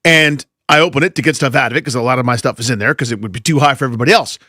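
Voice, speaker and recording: A man co-hosting a sports radio show in casual chat, telling stories in an animated way. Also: mid-range voice, racing, no room sound, clean studio sound. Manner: animated, storytelling. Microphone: studio microphone.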